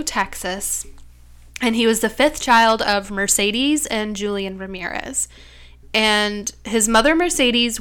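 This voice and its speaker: A woman's voice: fairly high pitch, a bit bright, smooth. A young woman co-hosting a podcast, chatting casually about a true-crime story with lots of "like" and "um". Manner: chatty, many fillers like "like" and "um". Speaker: podcast co-host.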